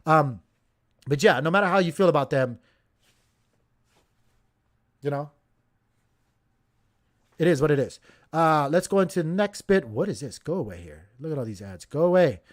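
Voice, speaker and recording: A man's voice: on the high side, expressive, normal speed, pauses often. Chatty man hosting a crypto stream. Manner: chatty, filler-heavy, addresses viewers as you guys. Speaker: crypto channel host. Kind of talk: casual market commentary stream.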